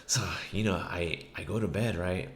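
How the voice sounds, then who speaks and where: A podcast host with a low voice and fairly even intonation tells a story at normal speed. He rambles, swears, and leans on plenty of fillers, and the room sounds echoey with faint noise.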